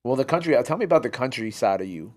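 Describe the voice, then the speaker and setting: A man's voice: mid-range voice, animated, very fast, darkish tone. A man hosting a casual hip hop interview, laid-back with slang like "word" and "fire". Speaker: interview host.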